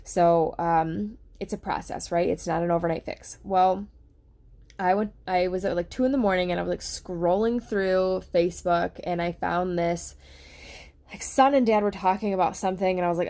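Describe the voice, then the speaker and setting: Candid, rambling woman with a lowish voice. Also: fairly even intonation, moderate pace, mellow. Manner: rambling, candid, with many fillers and restarts. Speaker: vlogger sharing a health experience. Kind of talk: casual personal talk to camera. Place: at home, on a couch.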